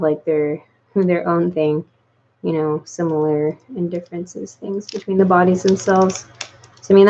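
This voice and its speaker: A doll collector vlogger talks to her viewers in casual, unscripted chat, rambling and peppering it with "like"s and restarts. Her voice is medium-pitched, and the recording is muffled.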